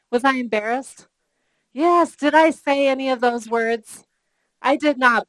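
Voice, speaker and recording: A woman's voice: fairly high pitch, dry recording, low-quality recording. A middle-aged woman running a live customer service training workshop, telling stories and asking the room questions. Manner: lively storytelling, asks the room questions.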